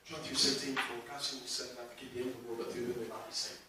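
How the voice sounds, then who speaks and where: A man's voice: medium pitch, flat delivery, fast. A man preaching a sermon as pastor, emphatic and conversational, acting out the voices he quotes. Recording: echoey hall, mic at a distance, faint noise.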